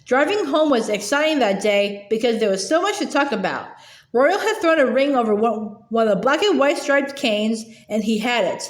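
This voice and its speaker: A woman's voice: a little high, lively intonation, normal speed, roomy sound. A woman reading a children's novel aloud. Her reading is hesitant, with frequent filler sounds and stumbles. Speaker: storybook reader.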